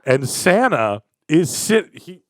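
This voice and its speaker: A man's voice: on the high side, sing-song, slow pace, no echo. A young man co-hosting a podcast, casual comedic chat, riffing absurd bits and laughing often. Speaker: podcast co-host.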